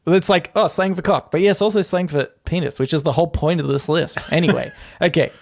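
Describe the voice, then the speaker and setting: A man's voice: a little high, a little fast, vocal fry. A man co-hosting a podcast, reading out a list in casual comedic chat and often breaking into laughter. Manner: giggly, breaks into frequent laughter. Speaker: podcast co-host.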